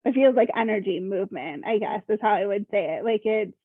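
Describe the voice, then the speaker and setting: A woman's voice: medium pitch, a little fast, no echo. A young woman from Minnesota, a workshop participant, talking hesitantly and searching for words with lots of "like". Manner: hesitant, searching, heavy use of "like". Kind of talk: casual personal sharing. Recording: tinny phone-like call audio.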